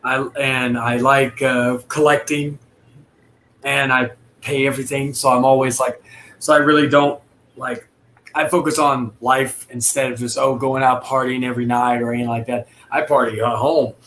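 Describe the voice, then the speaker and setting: A man's voice: mid-range voice, level tone, moderate pace, a bit bright, slight background noise. A man chatting casually about his kitchen job, rambling with many restarts and fillers. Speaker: dishwasher and cook. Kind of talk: casual chat on a live stream.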